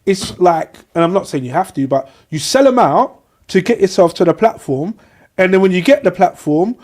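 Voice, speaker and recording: A man's voice: high voice, animated, moderate pace, darkish tone. A man co-hosting a podcast, talking in long, thoughtful, rambling turns. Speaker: podcast co-host. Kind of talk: casual podcast chat.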